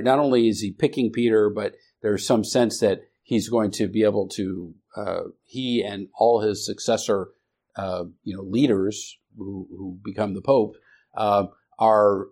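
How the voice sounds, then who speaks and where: A man teaching a Bible study class, speaking haltingly with many restarts and questions to the students. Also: on the low side, fairly even intonation, darkish tone.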